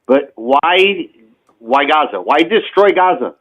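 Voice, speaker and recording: A man's voice: a little high, animated, slow pace. A man calling into a radio show, arguing insistently and repeating his questions, with a Middle Eastern accent, heard over a phone line. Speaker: caller. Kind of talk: heated call-in argument.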